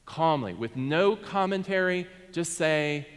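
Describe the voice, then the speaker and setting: A man's voice: on the high side, big pitch swings, moderate pace, fairly bright tone. A man preaching a sermon as pastor, talking directly with his congregation and asking them to respond. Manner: interactive, asks congregation to respond. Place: church sanctuary. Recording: reverberant church sanctuary.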